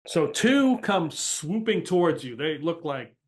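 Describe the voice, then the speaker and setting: A man narrates as game master of a tabletop game, his voice sitting a touch above average. He describes the scene in loose, halting phrases, often restarting a word before moving on. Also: fairly high pitch, sing-song.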